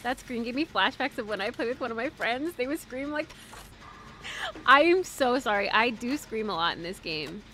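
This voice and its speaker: A woman's voice: a little high, lively intonation, normal speed, sharp tone, a little hiss or hum. A young woman streaming a game live, chatting with viewers, giggling often and shrieking and swearing when startled.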